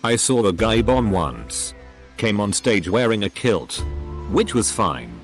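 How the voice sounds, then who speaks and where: Man, narrator, reading forum posts, low pitch, lively intonation, reads punctuation aloud, faint music behind. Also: measured pace. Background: faint background music.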